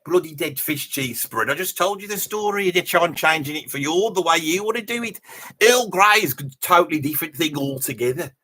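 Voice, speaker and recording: A boastful Brummie bloke who rambles through name-dropping asides, his voice husky yet bright and slightly high, as a man puts him on. He chats loosely with his viewers in a thick Birmingham accent. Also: expressive, brisk. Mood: rambling chat. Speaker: live stream host in character. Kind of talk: in-character live reaction chat.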